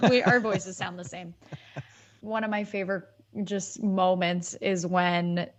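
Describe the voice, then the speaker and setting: A woman's voice: on the low side, fairly even intonation, measured pace. A woman co-hosting a podcast in a casual chat, talking in a chatty way and acting out film quotes. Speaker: podcast co-host.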